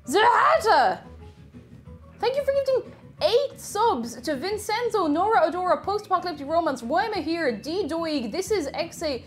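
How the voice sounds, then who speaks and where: A woman hosting a casual livestream, chatting excitably and thanking her viewers. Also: very high voice, moderate pace, faint music behind. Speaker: livestream host.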